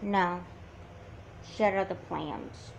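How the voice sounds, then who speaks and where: A woman's voice: fairly low pitch, steady tone, slow, vocal fry, a little hiss or hum, low-quality recording. A woman voicing a hurt, confused teenage girl who talks in a subdued, sullen way in an amateur doll movie. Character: hurt, confused teen girl, sulky and quiet.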